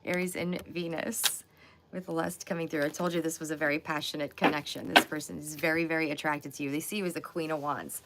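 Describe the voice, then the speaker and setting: Woman, low voice, chatty tarot reader, talks to the viewer and laughs a lot, noise behind her. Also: a little fast. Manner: excitable, chatty, laughs often. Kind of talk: live tarot reading.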